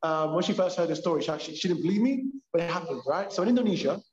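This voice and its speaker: London man, purpose coach on a podcast, quick and a bit high, emphatic, echoey lo-fi audio. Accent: London English. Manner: animated, emphatic storyteller. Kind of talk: casual podcast conversation. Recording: echoey, dull lo-fi sound.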